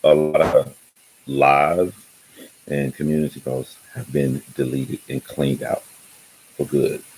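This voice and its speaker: A man's voice: a bass voice, flat delivery, takes it slowly, a little mellow, a little hiss or hum, poor audio. A man hosting his own channel, talking loosely and rambling in casual livestream chat, often laughing. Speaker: YouTube channel host.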